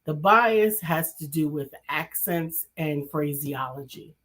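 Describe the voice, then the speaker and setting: A woman's voice: deep voice, takes it slowly, fairly bright tone. A woman from New City, co-hosting a casual talk show and thinking aloud as she speaks. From New York City. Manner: reflective, thinks aloud with restarts. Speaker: co-host, coach.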